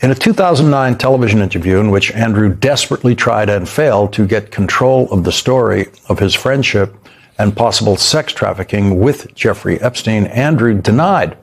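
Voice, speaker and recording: A man's voice: fairly low pitch, breathy edge. A male news host delivering scripted, emphatic commentary with pointed repetition, speaking from a studio.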